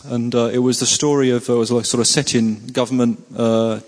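A man preaching a sermon and praying, earnest, repeating words for emphasis and often pausing with fillers. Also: mid-range voice, little pitch movement, a little mellow, long reverb tail. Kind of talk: sermon with prayer.

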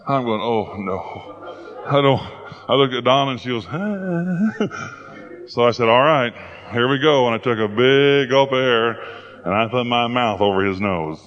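A man's voice: medium pitch, normal speed, highs cut off. A man preaching a sermon, telling stories in a folksy, playful way. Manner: folksy storytelling, playful and animated.

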